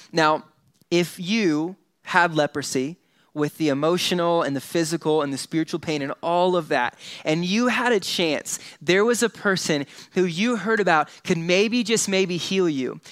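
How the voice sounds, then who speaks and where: A man preaching a sermon, lively and conversational, dropping quiet and slow for dramatic moments. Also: sits high, dry recording. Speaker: pastor.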